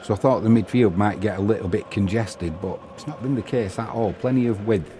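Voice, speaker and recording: Brisk and mellow, with a fairly low pitch and slight background noise, a man delivers solo live commentary on a football match. Between play-by-play calls he offers chatty opinions and replies to messages from viewers.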